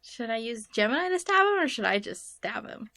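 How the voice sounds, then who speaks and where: A woman's voice: fairly high pitch, very animated, brisk, gravelly, sharp tone, no room sound. A woman playing in a tabletop game, laughing and hesitating as she describes her moves. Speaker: player. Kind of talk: casual tabletop game chat.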